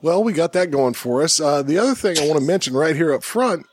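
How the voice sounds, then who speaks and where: A man's voice: fairly high pitch, lively intonation, brisk, no echo. A man in his thirties hosting a casual podcast, joking, laughing often and rambling with restarts. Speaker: podcast host.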